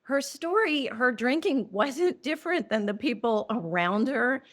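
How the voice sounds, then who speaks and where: A middle-aged woman, an interview guest telling a personal story, earnest and emotional, halting and restarting often. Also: mid-range voice. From New Orleans.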